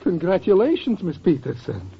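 Theatrical gushing professor, fairly high, lively pitch. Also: male voice, normal speed, creaky, slightly rough, exaggerated voice. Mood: effusive. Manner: theatrical, effusive, swooping. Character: excitable, gushing older male professor, a neighbor. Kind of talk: 1940s radio acting. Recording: lo-fi old radio recording.

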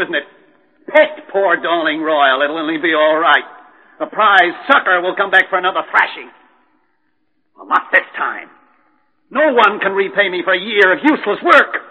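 An actor playing a desperate, unhinged male chemist in a vintage radio drama, ranting and quoting scripture with stammers. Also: sits high. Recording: tinny band-limited old recording, echoey.

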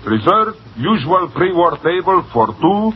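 A man's voice: mid-range voice, sing-song, normal speed, lightly acted. An actor playing an easygoing young man caught in a debt, wry and hesitant, in 1940s radio acting. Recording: dull old radio broadcast with faint hiss.

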